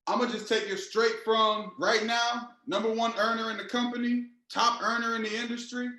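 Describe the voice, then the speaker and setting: A man with a high voice gives a fired-up motivational talk on a team call, repeating his points and pushing his listeners. His voice rings in an echoey room. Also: normal speed. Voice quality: energetic, preachy, repetitive. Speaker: team leader and trading mentor.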